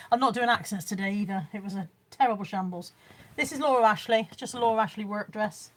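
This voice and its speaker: Chatty woman, higher voice. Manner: chatty, reads out viewer comments. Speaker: vlogger. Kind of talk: casual live-stream haul chat. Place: room at home.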